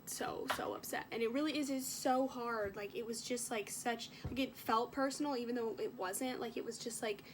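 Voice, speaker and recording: Chatty young woman vlogger, a bit sick with a cough, slightly high voice, faint noise behind. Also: fairly even intonation, normal speed, few pauses. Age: young adult. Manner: chatty, filler-heavy, emotional retelling. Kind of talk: casual vlog chat.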